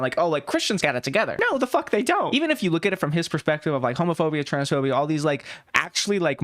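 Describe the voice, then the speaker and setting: A young woman talks back at a clip in casual reaction commentary. Her pitch swings widely as she lands one sarcastic jab after another, cursing freely and leaning on "like" as filler. It sounds loose and unscripted. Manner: blunt, sarcastic, swears a lot; frequent "like" fillers and quick laughs. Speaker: reaction YouTuber.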